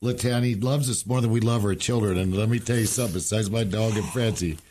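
A man's voice: lowish voice, quick pace, a little mellow, slight background noise. A man as a podcast guest, telling rambling, emotional stories in a folksy, casual way. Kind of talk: casual storytelling chat.

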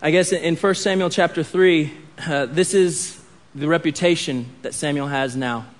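A man preaching a sermon as a pastor. He reads scripture aloud, acting out its dialogue, and drops to a hush on key points. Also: fairly high pitch, moderate pace.

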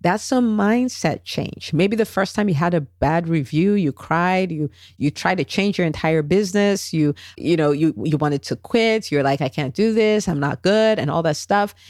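A woman hosting a solo podcast, coaching in an animated, chatty way and checking in with "right?" and "okay?". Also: lowish voice, normal speed, few pauses, dry recording, studio quality. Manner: animated, acts out quoted voices, tag questions. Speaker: podcast host, business coach.

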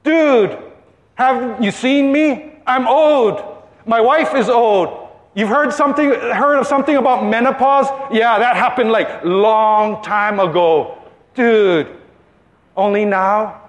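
A man's voice: very high voice, takes it slowly, roomy sound, voice pushed up. A man voicing the elderly Zechariah as a doubting, slangy old man. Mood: incredulous. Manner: incredulous, slangy.

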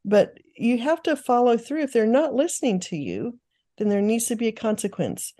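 A woman's voice: a little high, sing-song, moderate pace, warm tone. An older woman, a guest author, giving earnest, teaching answers in an interview, with frequent restarts.

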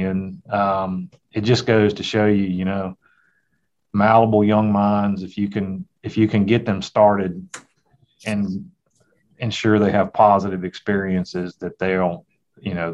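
A man's voice: sits low, steady tone, a little slow, darkish tone, slight background noise. A middle-aged man, a hunter and father, telling a folksy, reflective story in a casual conversation. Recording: dull, lo-fi sound.

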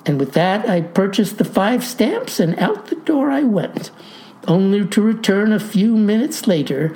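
A woman's voice: mid-range voice, very animated, a little slow, warm tone. A woman telling a comic tall tale in a wry manner, speaking directly to her listeners. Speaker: storyteller.

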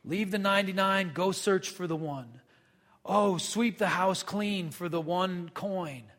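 A man's voice: high-pitched, a little slow, fairly bright tone. Man preaching in a reverberant hall. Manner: conversational preaching, reads scripture then asks the congregation questions. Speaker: pastor. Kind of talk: sermon.

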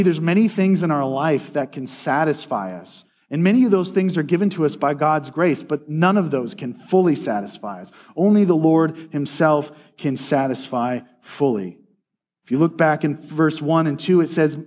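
A man preaching a sermon in an earnest way, slowing down to read scripture aloud. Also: a little high, lively intonation, darkish tone.

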